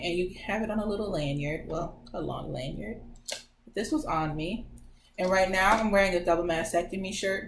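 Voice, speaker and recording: A woman in her twenties telling her own story as a vlogger in a chatty, animated way, acting out what others said. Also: fairly low pitch. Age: 20s. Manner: chatty, animated retelling that acts out others' lines. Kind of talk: casual personal storytelling. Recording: roomy echo, faint background noise.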